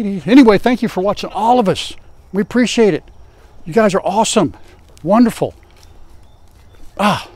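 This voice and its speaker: An older man hosting a farm vlog outdoors, chatting in a folksy, wry way to viewers. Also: a little high. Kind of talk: casual vlog to camera. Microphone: lapel.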